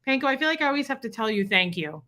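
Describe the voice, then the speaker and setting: Female streamer, crisp bright voice, gushing casual chat with her viewers. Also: a little high, very animated, very fast. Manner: chatty, greets viewers by name, gushing. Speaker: livestream host reading chat.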